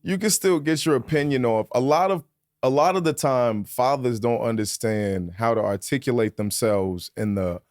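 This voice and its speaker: Animated comedian from Virginia. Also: male voice, medium pitch, normal speed, dry recording, studio quality. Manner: animated storytelling, slips into acted voices. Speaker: comedian guest. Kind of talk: casual chat.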